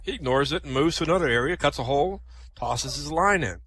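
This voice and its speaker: A man runs a comedy night, firing off stand-up jokes and laughing at his own punchlines, with a throat-clear here and there. His voice sits a little high and sounds bright and forceful. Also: lively intonation, fast talker. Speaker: comedian hosting a joke night. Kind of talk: stand-up joke telling.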